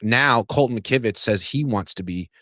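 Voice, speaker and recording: A sports podcast host with a mid-range voice speaks at a moderate pace in clean studio sound with no room echo. He rants at length in casual, sarcastic commentary full of swearing, growing more animated and worked up as he goes.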